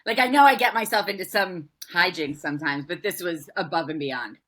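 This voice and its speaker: A woman guest on an interview podcast, talking frankly and animatedly about her past work and campaigning. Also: fairly low pitch. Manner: animated, fast-flowing and frank, with fillers. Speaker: guest, campaigner and former events organiser. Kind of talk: conversational interview storytelling.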